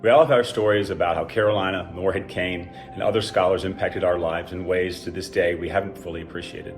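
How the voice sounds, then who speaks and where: Low-voiced older man telling a wry story. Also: steady tone, fast talker, faint music behind. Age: 60s. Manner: dry, self-deprecating storytelling. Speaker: alumnus telling a personal story. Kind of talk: scripted personal story reading.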